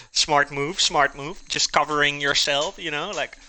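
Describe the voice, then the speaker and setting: A man's voice: fairly high pitch, steady tone, a little slow, pushed and bright, a little hiss or hum. A man hosting a live cooking stream, chatting casually with his viewers, joking, laughing often and answering their messages while he cooks in his kitchen. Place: home kitchen.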